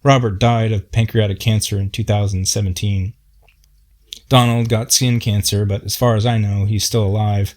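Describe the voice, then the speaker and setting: Plainspoken male storyteller with a somewhat low voice and folksy delivery. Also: level tone, moderate pace, a little mellow. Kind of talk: personal storytelling.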